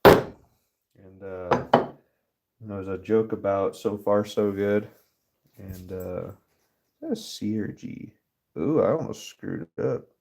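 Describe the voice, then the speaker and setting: A man talks through a relaxed live stream from his workshop, drifting between topics while he stamps metal. His voice sits fairly low with a soft, warm tone. He swears freely and breaks into easy laughs. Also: takes it slowly, vocal fry, long pauses. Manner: rambling, swears often, laughs easily. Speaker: livestream host. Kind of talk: casual live stream chat.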